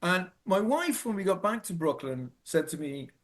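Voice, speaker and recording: A middle-aged Irish man telling a personal story in an earnest, halting way, restarting and repeating phrases for emphasis. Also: high voice, very animated. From Ireland. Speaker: speaker telling his own story.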